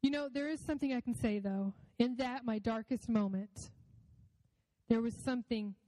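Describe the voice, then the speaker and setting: A woman's voice: on the high side, normal speed, mellow. Woman, personal faith testimony, reflective and emotional, close dry voice, lingering reverb.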